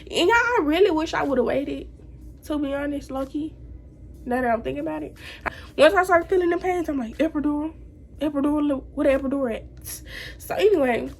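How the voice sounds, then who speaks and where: A woman's voice: high voice, animated, a little fast, creaky, a little hiss or hum. A teenage woman chatting casually to viewers in a slangy storytime vlog. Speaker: vlogger.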